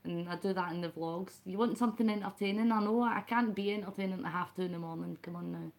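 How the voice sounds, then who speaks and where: A woman's voice: on the low side, quick pace, darkish tone. Rambling Scottish woman chatting live. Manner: rambling and chatty, talks to the chat by name. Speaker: vlogger hosting a late-night live stream. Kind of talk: casual live chat with viewers.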